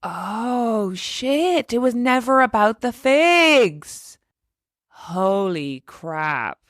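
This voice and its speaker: High-voiced woman guest, slow and expressive. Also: dry recording, studio quality. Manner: expressive reactions with frequent swearing. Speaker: podcast guest. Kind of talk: casual chat.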